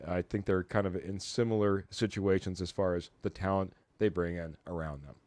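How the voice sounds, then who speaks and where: A man's voice: low-pitched, fairly even intonation, moderate pace, darkish tone, no echo. A man hosting a casual sports chat, chatty and steering the talk between guests. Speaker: host.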